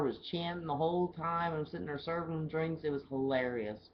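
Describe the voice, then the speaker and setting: A woman's voice: deep voice, fairly even intonation, fairly quick, slight background noise. A woman working as a bartender, telling stories in a loose, chatty video diary and swearing casually. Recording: dull lo-fi camera audio with faint background ambience.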